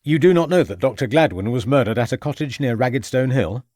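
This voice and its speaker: A man's voice: mid-range voice, animated, fairly quick, a little mellow, no room sound, clean studio sound, close to an everyday voice. A man playing a stern, probing police inspector. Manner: probing, dryly mocking. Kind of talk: audiobook character reading.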